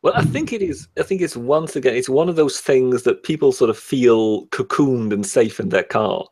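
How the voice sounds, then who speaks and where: A man, co-hosting a casual chat with a measured, hesitant and wry manner. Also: mid-range voice, a little mellow.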